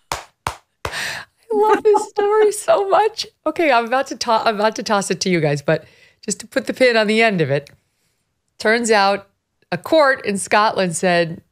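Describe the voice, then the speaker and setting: A woman hosting a podcast, telling a story in an animated way with quick asides. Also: a little high. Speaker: host. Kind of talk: casual podcast commentary.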